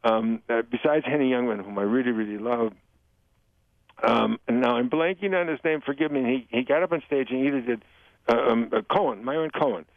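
An older man, a guest author, telling jokes and talking about humor in a radio interview, animated and given to slipping into voices. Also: medium pitch, fairly quick, no room sound. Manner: animated storyteller, jumps into joke voices. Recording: dry tinny radio phone-line sound.

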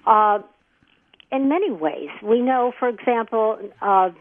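A woman's voice: a little high, unhurried, no room sound. A woman author being interviewed on a radio call-in show, explaining thoughtfully. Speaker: author and expert guest. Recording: tinny phone line.

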